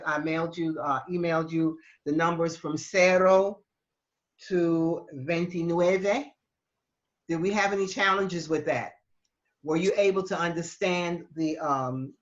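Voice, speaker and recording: A woman teaching Spanish in an online class, explaining patiently with halting restarts over a video call. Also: low voice, dull audio.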